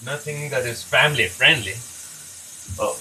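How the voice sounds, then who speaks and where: A man's voice: mid-range voice, moderate pace, pushed and bright, slight background noise. A man chatting casually on a live stream from his home kitchen, joking and rambling with frequent laughs.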